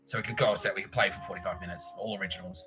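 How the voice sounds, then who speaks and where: A man's voice: sits low, rapid-fire, music in the background. A middle-aged Australian man hosting a podcast, telling stories in a casual way, swearing, laughing and acting out voices. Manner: animated, swearing, laughing often, acts out voices in his stories. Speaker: podcast host. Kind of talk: casual storytelling.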